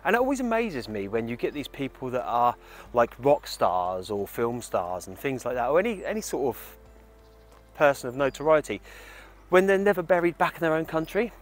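A man's voice: medium pitch, sing-song, normal speed. A man hosting a casual vlog outdoors in a cemetery, talking in a chatty, rambling, self-deprecating way. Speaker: vlog host. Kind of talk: casual walking-tour vlog. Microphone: small clip-on microphone. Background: faint outdoor ambience with crows.

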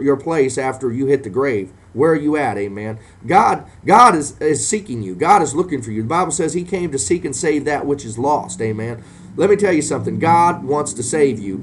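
A man with a mid-range voice preaches a sermon, dropping "amen" after nearly every phrase and building to fervent emphasis as he speaks to Christians and sinners alike.

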